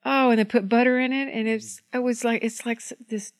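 A woman's voice: on the high side, steady tone, brisk, no room sound, clean studio sound. A woman in casual chat, rambling fondly with many restarts. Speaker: podcast co-host.

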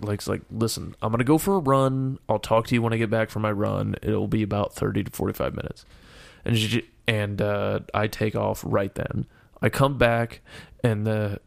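A young man with a gravelly, fry-heavy voice tells a story in casual chat. His delivery is profane and animated, breaking into shouts and laughs. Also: fairly low pitch.

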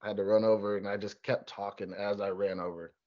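Laid-back young man, low voice, dull sound. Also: fast. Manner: relaxed, chatty storyteller. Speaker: college football player guest. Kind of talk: casual interview.

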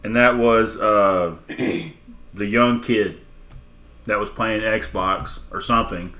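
Bright-voiced man telling stories, laughing. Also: fairly low pitch, slow pace. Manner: animated storyteller, acts out quotes, laughs often. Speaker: podcast co-host. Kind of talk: casual chat.

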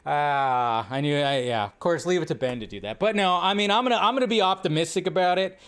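A man's voice: on the high side, a little fast, a bit bright, smooth. A man hosting a live movie news stream, joking, reacting to chat and riffing casually.

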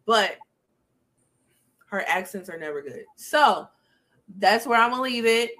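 A woman hosts a casual podcast, chatting frankly with lots of ums and frequent laughter. Her mid-range voice is bright and forceful, with lively intonation and a slightly slow pace. There's a faint hiss or hum in the recording.

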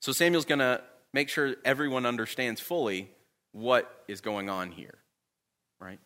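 Bright-voiced man teaching a Bible class. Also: mid-range voice, unhurried. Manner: conversational, often checks in with "right?".

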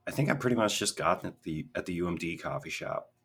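Husky low-voiced young man rambling. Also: expressive, quick pace, a bit bright. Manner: rambling, full of tangents and fillers. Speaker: podcast co-host. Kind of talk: casual chat.

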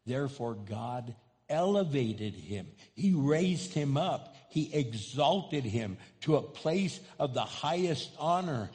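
A man in his fifties preaching a sermon as pastor. His delivery is impassioned, and his voice rises to loud, high cries. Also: lively intonation, takes it slowly. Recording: long hall reverb.

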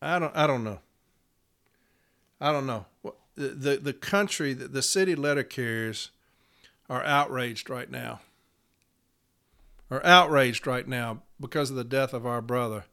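A man's voice: medium pitch, measured pace, pauses often, sharp tone. A man, hosting his podcast in an angry, profane solo rant. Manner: furious, profane, fiery. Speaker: podcast host.

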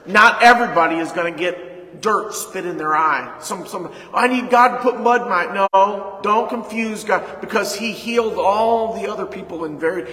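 Brief: male pastor, high bright voice, emphatic sermon with repeated refrains, echoey hall with long reverb. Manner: emphatic preaching with repeated lines and rhetorical questions.

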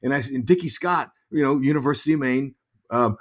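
A middle-aged former pro baseball player turned broadcaster tells stories as a guest in a casual interview, lively yet halting, often repeating words as he thinks. His voice is mid-range.

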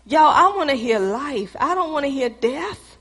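A woman preaching a fervent sermon, exhorting the congregation and at times rising to shouts. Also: sits high, animated, a little slow.

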